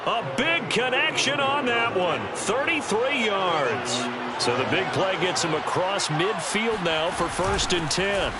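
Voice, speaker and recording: A man calling football play-by-play in a sports video game, with brisk, measured play calling. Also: high-pitched, heavy background noise. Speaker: play-by-play announcer.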